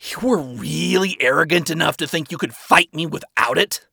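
A man's voice: on the high side, normal speed, gravelly, sharp tone, breathy edge, dry recording, clean studio sound, exaggerated voice. A man voicing Adam, a crude, boastful male angel, brash and mocking in a fan fiction reading.

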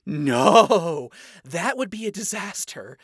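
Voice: mid-range voice, big pitch swings, slow, husky, no room sound, clean studio sound, voice pushed up, exaggerated voice. A narrator voicing a cheerful, earnest young demon princess who talks in an upbeat, encouraging way, in a storybook reading.

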